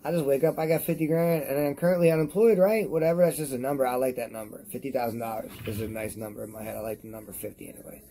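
A man reviewing products on his vlog in a rambling, profane rant to camera while he is high, repeating himself as he talks. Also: steady tone, rapid-fire, hardly any pauses, warm tone.

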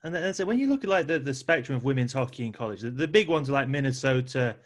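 A man's voice: medium pitch, animated, quick pace. A man from the UK hosting a sports podcast, asking questions in a friendly, easygoing way. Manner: friendly questioning, easy laughs. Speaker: podcast host. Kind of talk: casual interview chat.

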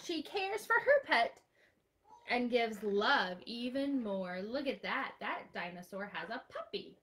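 Animated librarian reading to kids. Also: female voice, on the high side, unhurried. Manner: animated, sing-song, gasps and exclaims for young children. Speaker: children's librarian. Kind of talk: online storytime reading and singing.

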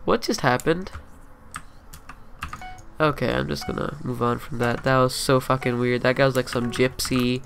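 A young man commentates his own game into a desktop mic. His voice is gravelly with a fry and sits bright and forward. Soft keyboard clicks tick away faintly behind him as he swings from low mutters to loud, swearing outbursts. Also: flat delivery, fairly quick, hardly any pauses, slight background noise. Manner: profane, swinging between mumbled asides and yelled trash talk. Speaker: gameplay commentator. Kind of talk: live gameplay commentary.

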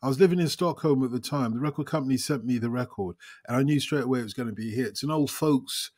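Male host type, anecdotal and chatty, middle-pitched voice, dry recording. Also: fast talker, no echo. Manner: rambling anecdotal storyteller, quotes people in lively voices. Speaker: podcast host. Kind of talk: casual chat.

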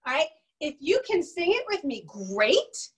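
Woman children's music teacher with a very high, lively voice, unhurried, singing and chanting with kids. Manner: sings and chants songs, bright and coaxing with kids. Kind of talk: children's music and movement class.

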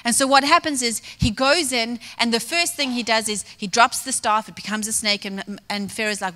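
A woman's voice: on the high side, fairly even intonation, normal speed, hardly any pauses, sharp tone. A woman preaching a sermon, telling a story and acting out quoted dialogue. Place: church hall. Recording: long reverb of a large hall.

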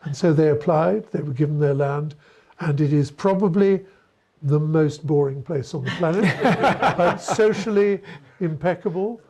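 A man's voice: fairly high pitch, a little slow, warm tone. A man giving an author talk, storytelling in a discursive way with wry, self-deprecating asides. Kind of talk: storytelling lecture answering questions.

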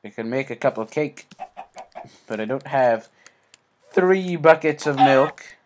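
A man's voice: mid-range voice, lively intonation, a little slow, a little hiss or hum. A man giving let's play commentary, rambling to himself and yelping at sudden scares. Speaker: gaming YouTuber.

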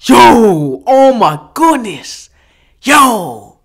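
A woman's voice: on the high side, sing-song, measured pace. A woman hosting a reaction video who keeps exclaiming in shock and scolding the people on screen, repeating short outbursts. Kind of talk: casual reaction commentary.

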